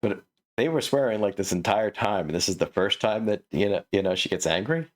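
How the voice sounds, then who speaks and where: Low-voiced man, snarky manuscript critic, chuckles and restarts constantly. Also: animated, fairly quick. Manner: sarcastic, laughs often, stammers and restarts. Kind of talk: comedic writing critique.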